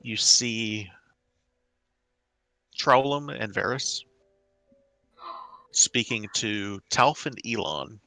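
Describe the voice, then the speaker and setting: A man's voice: lowish voice, drawn-out words, pauses often, pushed and bright, no room sound, soft background music. A man narrating as game master of a tabletop game, describing scenes with frequent restarts. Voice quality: hesitant, many restarts while describing scenes.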